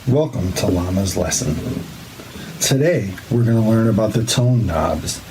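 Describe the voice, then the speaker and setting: A man playing a slow, deadpan male instructor in a comedy lesson sketch. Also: lowish voice, noisy background.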